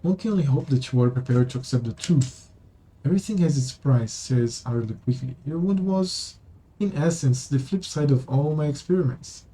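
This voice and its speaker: Pria bersuara gelap dan serak. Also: male voice, medium pitch, moderate pace, mellow, rough recording. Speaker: streamer. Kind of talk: reading game text aloud with commentary.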